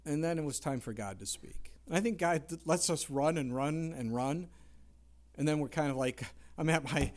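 A middle-aged man preaching a conversational sermon, dropping to hushed tones and rising into loud dramatic quotes. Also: on the high side, expressive, normal speed. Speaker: pastor.

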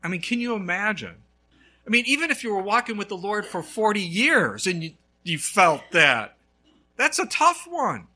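A male pastor preaching a sermon, telling a story with lively swings between loud and hushed. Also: sits high, normal speed.

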